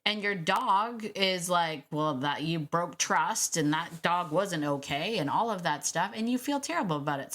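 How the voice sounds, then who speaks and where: A woman hosting her own dog-training podcast, talking in a chatty, emphatic solo monologue with quick restarts and laughs. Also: lowish voice, lively intonation, fairly bright tone.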